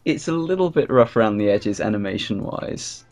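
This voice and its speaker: A man's voice: on the low side, lively intonation, moderate pace, darkish tone. A man co-hosting an animation review show, talking casually and laughing easily. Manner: easygoing, laughs often, agreeable. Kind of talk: casual reaction commentary.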